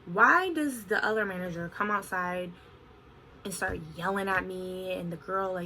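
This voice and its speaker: A young woman in her twenties telling a story on her vlog in an animated, expressive way, full of "like". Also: fairly low pitch, moderate pace, a little hiss or hum, low-quality recording. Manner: animated, expressive retelling with frequent "like". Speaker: vlogger.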